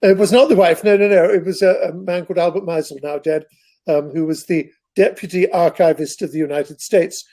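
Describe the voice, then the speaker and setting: Interviewed as a guest author, an older man wanders through lengthy anecdotes, digressing freely. His voice sits high and has a dark tone, with fairly even intonation and a slightly fast pace.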